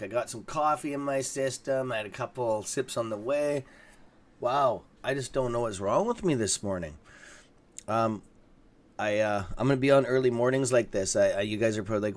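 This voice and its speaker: A man's voice: lowish voice, a little fast. Tired, rambling male stock streamer. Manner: rambling, yawning, swears casually. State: tired, yawning. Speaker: stock trading livestream host. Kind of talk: casual live market commentary.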